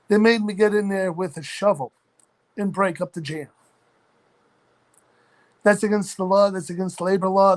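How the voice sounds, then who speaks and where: High-voiced man telling a workplace story. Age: 40s. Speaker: chat room participant. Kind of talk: casual storytelling.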